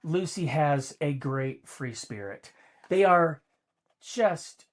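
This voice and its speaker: A man's voice: a little high, expressive, slow pace. Middle-aged man, podcast co-host, candid personal storyteller who hammers points home through repetition. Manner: emphatic, repeats key points for effect.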